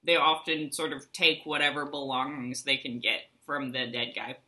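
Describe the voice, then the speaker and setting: A woman's voice: extremely low pitch, steady tone, normal speed, sharp tone. A woman co-hosting a podcast in casual chat, wry and articulate, with dry asides. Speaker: podcast co-host.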